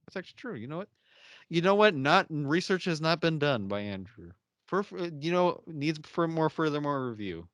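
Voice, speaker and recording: A man's voice: a little high, animated, normal speed, a bit bright, no room sound. Giggly young man recapping a show. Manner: giggly, laughs often, acts out characters' lines. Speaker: podcast host. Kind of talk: casual chat recapping a TV episode.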